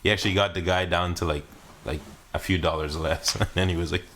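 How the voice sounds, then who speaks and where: Very deep voiced canadian-raised guy, laughing thru his story, swears a lot. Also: fairly even intonation, quick pace, fairly bright tone, a little hiss or hum. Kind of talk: casual chat. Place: studio.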